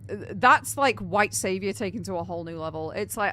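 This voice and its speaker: A young British woman chatting casually on a game live stream, animated and incredulous, laughing often. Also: mid-range voice, moderate pace, few pauses.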